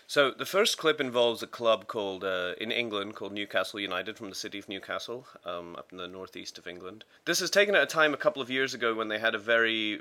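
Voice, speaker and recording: A man's voice: lowish voice, pushed and bright. A man casually telling sports stories on a podcast, rambling with fillers and restarts. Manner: rambling with many fillers and restarts, acting out quotes. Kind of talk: casual storytelling.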